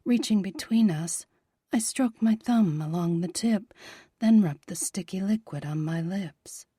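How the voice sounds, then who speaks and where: A woman narrating a romance audiobook in a soft, breathy, half-whispered voice. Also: mid-range voice, a little slow, dry recording, clean studio sound.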